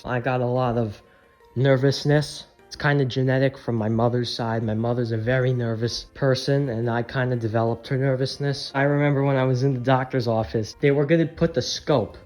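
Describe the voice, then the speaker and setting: A man's voice: medium pitch, moderate pace, a little mellow, soft background music. A man rambling candidly in a casual vlog, swearing often, his voice strained. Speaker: channel creator.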